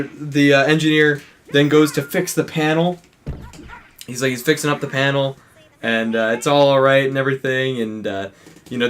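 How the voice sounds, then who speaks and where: A man co-hosting a let's play, casually retelling a film plot in a rambling way, with many restarts and acted-out quotes. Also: fairly high pitch.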